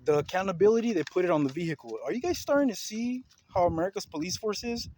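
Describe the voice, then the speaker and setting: Angry guy venting at the camera, kinda high voice, slight hiss behind. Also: lively intonation, fast talker. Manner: heated, repetitive, confrontational. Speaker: vlogger. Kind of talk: ranting video commentary.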